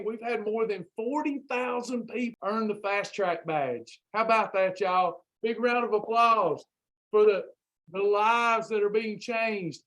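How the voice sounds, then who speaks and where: A man's voice: sits high, fairly bright tone. A man hosting a Christian weight loss livestream, fired up and preachy, repeating his phrases. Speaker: host of a weight loss program. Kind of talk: Christian motivational livestream talk.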